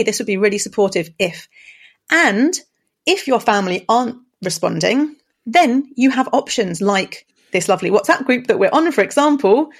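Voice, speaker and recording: A woman co-hosting a podcast, calm and gently encouraging. She speaks in thoughtful, measured phrases at a middle pitch. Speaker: podcast co-host. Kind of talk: casual conversation.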